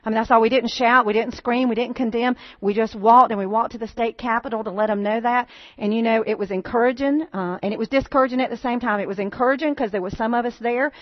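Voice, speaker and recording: A woman's voice: a little high, fast, hardly any pauses. A woman addresses a church congregation in an earnest, folksy way, often turning to her listeners for agreement. The sound is dry, with no room echo, and a little dull, as if slightly muffled. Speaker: pregnancy center speaker at a church. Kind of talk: church talk with slides. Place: church sanctuary.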